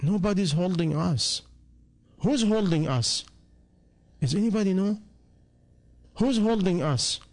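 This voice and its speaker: A man's voice: sits high, lively intonation, takes it slowly, pauses often, a little mellow. A man giving a sermon who keeps putting rhetorical questions to his listeners and speaks English with non-native grammar. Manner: rhetorical questions put to the audience. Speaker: preacher.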